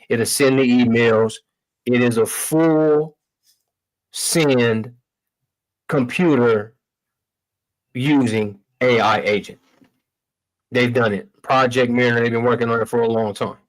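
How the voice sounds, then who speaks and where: A man's voice: mid-range voice, rough recording. A man hosting a livestream, talking through tech demos in a loose, slangy, casual way. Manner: loose, slangy, addresses viewers as y'all. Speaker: livestream host. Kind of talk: casual tech demo talk.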